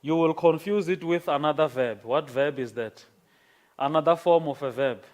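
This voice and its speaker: A man lecturing a class on grammar, speaking slowly and checking in with "okay?" after his points. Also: a little high, a little mellow. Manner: slow, repeats words and checks in with "okay?".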